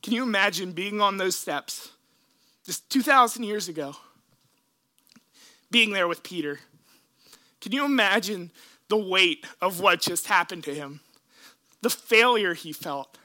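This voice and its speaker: A man preaching a sermon, retelling scripture in an earnest, emotional way with dramatic pauses. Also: sits high, lively intonation, bright, forceful tone. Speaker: pastor.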